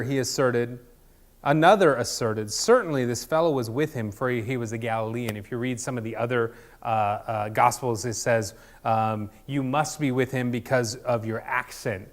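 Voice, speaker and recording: A man preaching a casual sermon, conversational and jokey, with many ums and restarts. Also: mid-range voice. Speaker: pastor.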